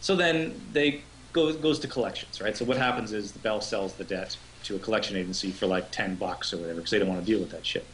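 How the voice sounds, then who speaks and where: A man's voice: on the low side, quick pace, hardly any pauses, a little hiss or hum, poor audio. A man co-hosting a casual live stream, telling a long rambling story and swearing freely. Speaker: co-host.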